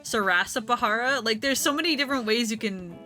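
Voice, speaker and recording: A woman's voice: a little high, brisk, sharp tone, soft background music. A young woman streaming a game, chatting casually with her audience, swearing freely and laughing often. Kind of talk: casual let's-play chat.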